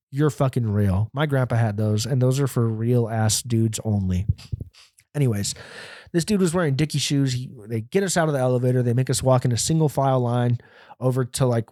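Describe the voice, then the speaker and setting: A man's voice: mid-range voice, mellow, dry recording, studio quality. A man hosting a podcast and telling a story in casual speech. He rambles, swears heavily and laughs often. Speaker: podcast host.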